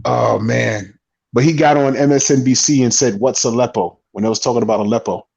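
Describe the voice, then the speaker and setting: A man's voice: medium pitch, fairly quick, gravelly, darkish tone, breathy edge. A man talking casually on a boxing panel, loose and profane, rambling through restarts. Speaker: boxing talk show panelist. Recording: dull lo-fi stream audio.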